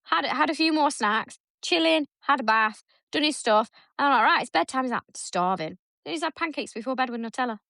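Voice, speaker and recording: A woman's voice: high voice, brisk, vocal fry, few pauses, no echo, clean studio sound. A woman co-hosting a podcast, telling stories in casual chat and acting out her son's lines. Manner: animated storytelling, acts out her son's lines. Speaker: podcast co-host.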